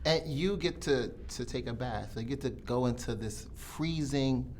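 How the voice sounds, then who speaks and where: A man's voice: mid-range voice, a little slow. A male interviewer asking questions in a playful, joking way. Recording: background noise.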